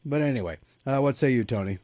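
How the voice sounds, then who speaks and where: A man hosting a movie review chat with a lively, up-and-down voice. The sound is dry and close, and he keeps passing the turn to his co-hosts. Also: mid-range voice, quick pace, no echo. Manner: lively, hands turns to co-hosts. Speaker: podcast host.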